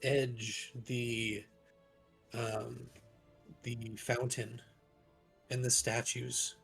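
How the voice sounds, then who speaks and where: Slow gravelly man narrating a game. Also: medium pitch, little pitch movement, fairly bright tone, faint music behind. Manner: slow, halting narration with restarts. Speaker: game master.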